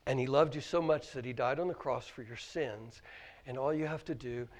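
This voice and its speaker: In a mid-range voice at a moderate pace, a Midwestern American pastor delivers an earnest sermon in a church sanctuary, his emotion making him choke up. He poses question after question and occasionally trips over his words, repeating them.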